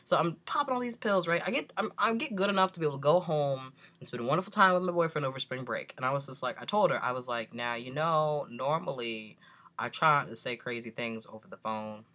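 Animated young man with a bright voice. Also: mid-range voice, a little fast. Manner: animated, exasperated retelling acting out both sides of a conversation; frequent fillers and laughs. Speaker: vlogger. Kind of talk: casual storytelling vlog.

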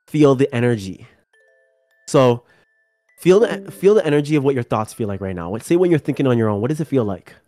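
A man's voice: mid-range voice, no room sound. Casual young man chatting on a spiritual stream. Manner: relaxed, rambling, swears casually. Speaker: channel host.

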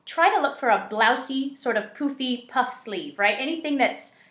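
A woman's voice: high voice, lively intonation, normal speed, a bit bright. Chatty woman in an echoey room. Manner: chatty, enthusiastic, trails off mid-sentence. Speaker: co-host. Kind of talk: casual costume tutorial chat.

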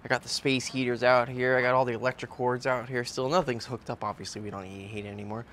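A man casually vlogging outdoors as he tends his birds, loose and slangy, breaking into a high cooing voice when he talks to them. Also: level tone, fast, noisy background. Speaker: vlogger, bird keeper. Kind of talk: casual vlog chat. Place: outdoor backyard cage area.

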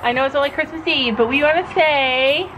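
A woman talks into a handheld camera outdoors at a horse barn, chatty and easily amused. Her voice sits high. Music plays clearly behind her. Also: fairly quick, dull audio. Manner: giggly and chatty, often laughing. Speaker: vlogger. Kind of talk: casual family vlog chat.

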